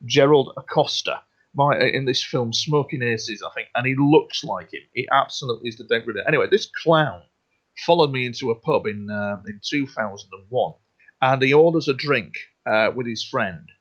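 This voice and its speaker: A man's voice: medium pitch, normal speed. A man, a radio interview guest, talking earnestly and rambling, often repeating himself and restarting his sentences. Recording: dull lo-fi sound.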